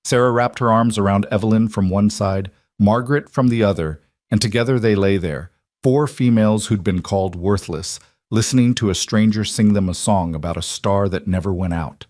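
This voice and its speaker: A man narrating a frontier storybook, slow, solemn and measured. His voice sits low. The recording is close and dry. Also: a little mellow, dry recording.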